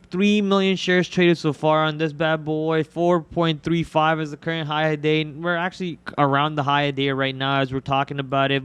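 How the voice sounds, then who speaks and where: A man's voice: fairly high pitch, fairly bright tone, smooth, dry recording. A young man born in India hosting a live trading stream, rattling off tickers and prices in a casual way. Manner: rapid ticker-and-price calls, casual filler words. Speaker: day trader and live stream host.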